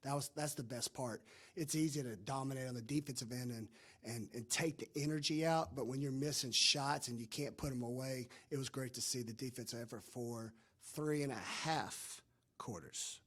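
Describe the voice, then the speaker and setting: A man with a voice gone hoarse fields questions after a game. He sits at a mid pitch and pushes through with energy, doubling back on words for emphasis. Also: normal speed. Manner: energetic, repeats himself when emphasizing. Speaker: head coach. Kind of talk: postgame press conference.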